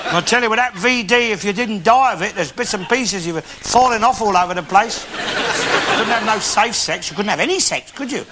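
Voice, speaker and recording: Alf Garnett, an actor playing a blustering old grump. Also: male voice, high voice, very noisy, natural voice. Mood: grumbling. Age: older. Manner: blustering, grumbling, quick to swear. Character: cantankerous old working-class London bigot. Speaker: comedy character in a live audience show. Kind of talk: stand-up monologue to a studio audience. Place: TV studio before a live audience. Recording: TV studio with loud audience laughter.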